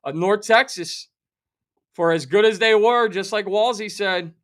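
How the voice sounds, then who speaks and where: A middle-aged man rants on a sports betting show, animated and sarcastic, playing up his outrage. His voice sits high for a man and sounds sharp and forceful. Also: unhurried. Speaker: sports talk show host. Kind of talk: fired-up sports betting rant.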